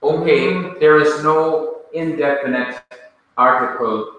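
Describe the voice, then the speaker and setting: A man with a Jamaican accent teaching a language class in a classroom, speaking deliberately and quizzing his students with questions. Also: a little high, steady tone, fairly bright tone, dull audio. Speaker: Bible teacher. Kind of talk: classroom lecture. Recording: echoey room, mic far off.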